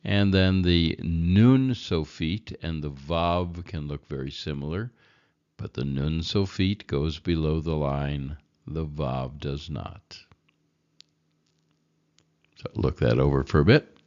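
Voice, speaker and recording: A man teaching a Hebrew reading lesson, slow and patient, repeating each word for learners. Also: very deep voice, darkish tone. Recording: dull lo-fi recording.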